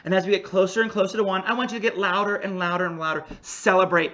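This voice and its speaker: An energetic improv comedy referee hosting a virtual show from home over a video call, joking playfully with the audience. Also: medium pitch, fast, lo-fi sound. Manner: jokey, energetic, playful asides. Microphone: home video call mic.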